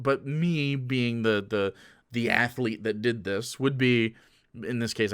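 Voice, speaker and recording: A man's voice: lowish voice, a bit bright, clear, resonant tone, no echo, clean studio sound. A man livestreaming, ranting casually to his chat in a crude, mocking and combative way with sarcastic asides.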